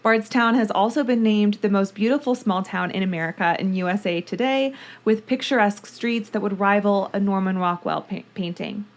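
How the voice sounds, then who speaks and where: A woman's voice: mid-range voice, normal speed. A woman hosting a podcast, chatting casually and then narrating a true-crime case in a gushing, talkative way. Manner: chatty, gushing, reads listener mail aloud. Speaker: podcast host.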